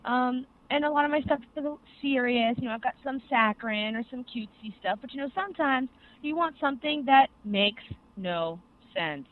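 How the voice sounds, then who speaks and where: A young adult co-host excitedly rambling through an anime recap in casual podcast chat, full of fillers. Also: high-pitched, brisk. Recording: tinny phone-like sound.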